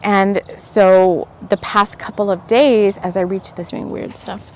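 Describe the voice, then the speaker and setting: A woman hosting a spiritual podcast, telling stories in a rambling, animated way with lots of fillers and laughs. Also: mid-range voice, slow, a little hiss or hum. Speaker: podcast host. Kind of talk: casual spiritual podcast chat.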